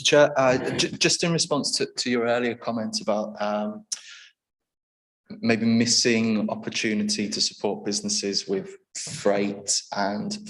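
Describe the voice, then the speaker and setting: A man gives a matter-of-fact update at a council meeting, hesitating with small pauses. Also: on the low side, low-quality recording.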